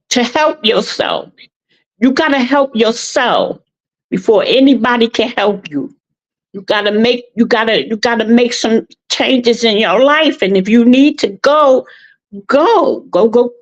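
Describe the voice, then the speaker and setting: Slow, halting woman caller. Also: a little high. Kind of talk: call-in commentary. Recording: muffled call-in line.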